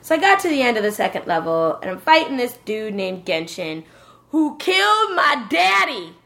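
Animated woman chatting about games. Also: a little high, moderate pace, creaky. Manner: animated storytelling, swearing, joking voices. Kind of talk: casual chat about video games.

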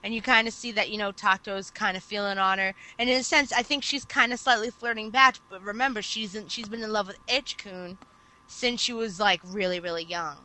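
A woman co-hosting a casual podcast, retelling an anime plot at length in an animated storytelling manner. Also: medium pitch, brisk, rough recording. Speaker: podcast co-host. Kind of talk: casual chat.

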